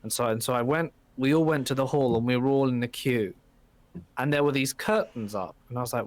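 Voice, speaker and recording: A man's voice: medium pitch, fairly quick, no room sound. Man telling stories animatedly, dry sound. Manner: animated storytelling, rambling with restarts. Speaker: podcast guest. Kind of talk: casual chat.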